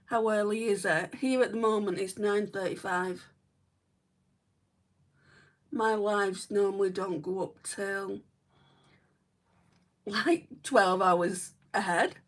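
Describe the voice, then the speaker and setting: A chatty beauty vlogger from northwest England rambles through a casual makeup livestream, her northern English speech dotted with "right" and "like". Her medium-pitched voice stays fairly even and slow, and the mic is a bit far away.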